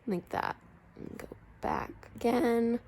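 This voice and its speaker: A young woman hosting a home crafting tutorial. She talks through each step casually and apologizes often, and her voice is a little rough. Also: on the high side, steady tone, slow pace, darkish tone. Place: indoors at home, warm room.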